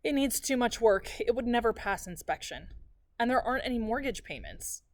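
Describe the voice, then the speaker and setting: A woman voicing a grieving middle-aged mother who speaks softly and apologetically. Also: a little high, sing-song, normal speed, no echo, clean studio sound. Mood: insistent. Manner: soft, apologetic, repeating herself.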